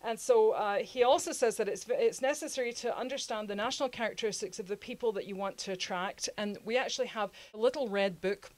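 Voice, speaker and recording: A woman hosting a history show, explaining the past in a lively, conversational way with frequent laughs. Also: mid-range voice, quick pace, hardly any pauses. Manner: lively, laughs often, acts out quotes in funny voices.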